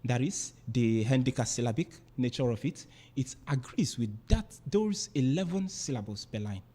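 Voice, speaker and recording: A man's voice: medium pitch, animated, moderate pace, mellow. A man teaching a literature lesson, explaining step by step and repeating and rephrasing his points. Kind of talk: explanatory lecture.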